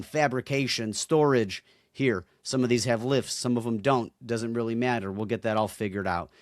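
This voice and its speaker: A man's voice: lowish voice, no echo, clean studio sound. A young man hosting a solo podcast, talking bluntly and swearing freely, fired up as he addresses his listeners directly. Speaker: podcast host.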